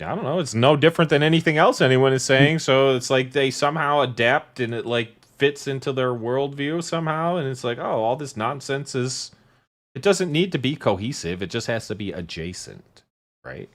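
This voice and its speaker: A man's voice: medium pitch, lively intonation, normal speed, a bit bright. Rambling, sarcastic male podcast co-host. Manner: rambling, sarcastic, trails off often. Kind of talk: casual podcast chat.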